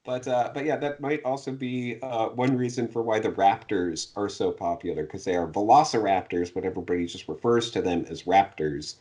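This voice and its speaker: A man with a somewhat low voice chats casually on a podcast. His manner is easygoing, with a light teasing edge. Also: fairly quick, few pauses, warm tone. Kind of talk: casual chat.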